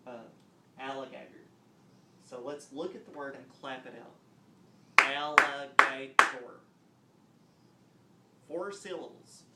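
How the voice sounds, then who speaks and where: A man teaching a phonics lesson on video, explaining step by step and clapping out words slowly. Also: medium pitch, flat delivery, heavy background noise. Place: classroom. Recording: roomy echo, mic at a distance, faint ambience.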